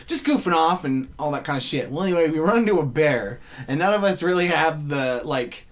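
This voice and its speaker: A man co-hosting a comedy podcast, telling a story in casual chat and bursting into shouted, acted-out voices. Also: a little high, animated, a little fast. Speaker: podcast co-host.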